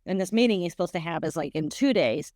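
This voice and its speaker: A woman's voice: fairly low pitch, lively intonation, fast, darkish tone, dry recording, studio quality. A woman telling her own story as a podcast interview guest, earnest and rambling, with frequent restarts and self-corrections. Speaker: guest sharing a personal story.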